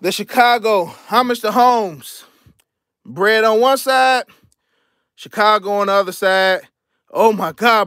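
Young male streamer, high voice, dry close mic, relaxed slangy delivery, thanks donors as he goes. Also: takes it slowly, pauses often, no echo. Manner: laid-back slangy chatter, shouting out donors. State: out of breath. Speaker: sneaker channel host. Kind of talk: casual livestream show-and-tell.

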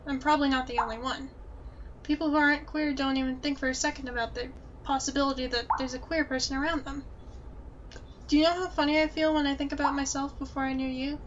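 Gentle supportive friend, read by a woman; reassuring tone, high pitch, dull recording. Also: slight background noise, close to an everyday voice.

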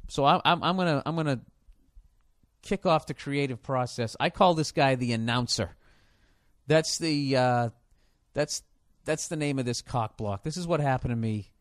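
A man hosting a podcast, telling a comic story in a profane, animated way. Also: mid-range voice, normal speed, dry recording, studio quality. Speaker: podcast host. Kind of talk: comedic podcast rant.

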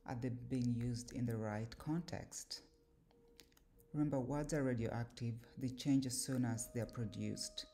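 Low-voiced woman teaching slowly. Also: steady tone, warm tone. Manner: slow, deliberate, with filler pauses. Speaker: language and scripture teacher. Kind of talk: explanatory lesson.

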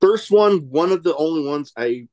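A man hosting a casual interview, easygoing and quick to laugh along. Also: a little high, lively intonation, a little mellow, no room sound. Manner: easygoing, reacts with short laughs. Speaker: podcast host.

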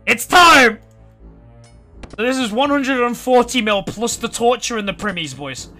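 Man, game streamer, excitable, swearing, bright, lively pitch. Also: a little slow, faint music behind. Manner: excitable, swears, talks to chat as "bro". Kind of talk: live gameplay commentary to chat.

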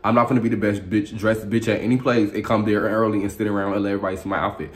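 Fast-talking, sassy, profane young man. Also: on the low side, level tone. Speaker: reality show reviewer. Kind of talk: casual commentary vlog.

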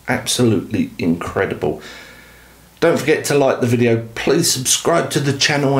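A man hosting a product review channel, talking to camera in a rambling, enthusiastic, self-deprecating way. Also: mid-range voice. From United Kingdom. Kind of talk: casual talk to camera. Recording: echoey room.

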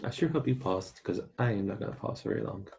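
Gravelly-voiced man teaching Spanish online. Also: fairly low pitch, animated, quick pace, a little mellow. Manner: casual, chatty, talks straight to students. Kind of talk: recorded online lesson.

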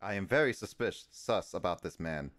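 A fairly low-voiced man player with an animated, swinging pitch. He speaks haltingly and keeps asking about the rules. The sound is dry and close. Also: no echo. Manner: halting, asks many rules questions. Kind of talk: casual tabletop game chat.

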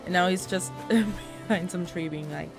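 A woman's voice: lowish voice, a little slow. A woman giving live, panicky let's-play commentary, swearing, laughing and pleading with an enemy in the game. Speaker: gaming YouTuber. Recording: game music playing behind the voice.

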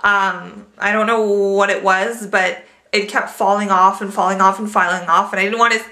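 A young woman talking to her viewers in a casual home vlog, a little out of breath and chatting freely. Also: normal speed. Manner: chatty, talks to her dogs in a high excited voice. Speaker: vlogger. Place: at home indoors.

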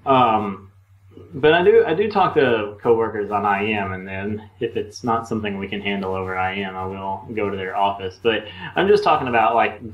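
A man's voice: on the low side, muffled recording. A man co-hosting a casual podcast chat over a call, talking in a hesitant way with many ums and likes. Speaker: podcast co-host. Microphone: remote call mic.

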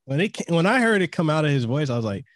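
A man's voice: a little high, no room sound. A man whose first language is Samoan, hosting a podcast in casual chat, with a stutter and frequent laughs. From Hawaii. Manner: stutters and stammers, laughs often. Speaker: podcast host.

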